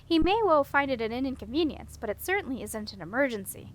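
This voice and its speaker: Woman doing a brisk no-nonsense witch, dry, matter of fact, highish voice. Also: animated, slight background noise. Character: brisk, unflappable middle-aged female witch. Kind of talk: audiobook character reading.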